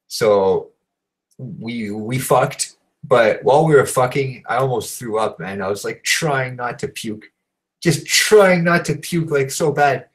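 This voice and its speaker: A man's voice: mid-range voice, animated, a little slow, low-quality recording. Profane rambling man telling a story. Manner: profane, rambling, heavy fillers. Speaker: show host. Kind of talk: casual storytelling.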